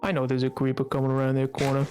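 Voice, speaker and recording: A live streamer talks loosely with viewers while playing, drifting between half-finished stories and replies to chat, with sudden squeaky yelps. The voice sits at a middling pitch, and some quiet music runs faintly underneath. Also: completely flat delivery, racing. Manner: rambling, answers chat, sudden high-pitched outbursts.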